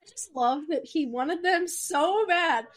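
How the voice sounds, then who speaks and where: A woman in her twenties co-hosting a podcast, chiming in with quick, disbelieving reactions. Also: very high-pitched. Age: 20s. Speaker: podcast co-host. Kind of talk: casual chat.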